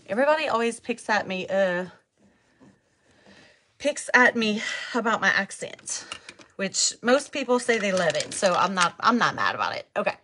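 With a medium-pitched voice that sounds pushed and bright, a Louisiana woman with a thick Cajun accent hosts a live makeup tutorial. The vlogger is chatty, speaking to viewers and reading out their comments.

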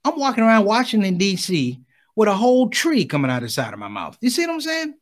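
A man performing a stand-up comedy set, telling stories with lively delivery and acting out the people in them. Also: high voice, fast talker. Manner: animated storytelling, acts out other voices. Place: on stage at a conference.

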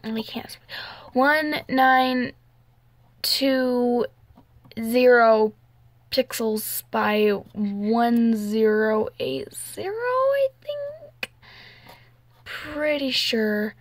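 A woman's voice: fairly high pitch, very slow, no room sound. Rambling, giggly young woman vlogger. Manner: rambling, trailing off, with giggles and fillers. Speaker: channel host. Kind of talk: casual rambling announcement vlog.

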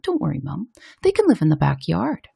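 A woman reading a picture book aloud, voicing an eager young boy in a raised, excited voice. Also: brisk, gravelly, slightly rough, exaggerated voice. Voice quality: high, excited.

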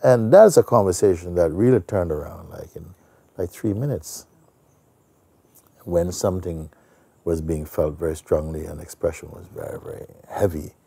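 A man who teaches spirituality, telling a story in a soft, meandering way full of "you know.". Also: deep voice, normal speed, vocal fry, husky. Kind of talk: storytelling during a spiritual talk.

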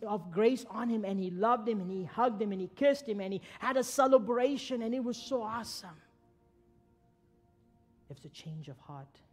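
A man preaching a church sermon, retelling a story dramatically with sudden swells and drops in volume. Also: high-pitched. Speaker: pastor.

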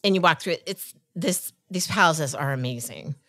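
A woman's voice: low voice, moderate pace, fairly bright tone, no echo. A woman co-hosting a podcast, telling a rambling travel story in casual chat, restarting her sentences and laughing as she goes. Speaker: podcast co-host.

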